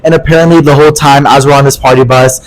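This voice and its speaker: Young male podcast co-host, quick and animated, swears freely, acts out quoted voices in casual storytelling. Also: medium pitch, a little hiss or hum, rough recording.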